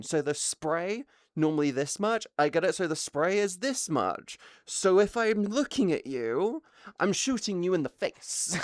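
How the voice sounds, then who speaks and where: A woman streaming live, telling a gaming story in a casual, excitable way, swearing often and laughing between words. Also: fairly low pitch, no room sound, clean studio sound. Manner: excitable, swears a lot, laughs mid-sentence.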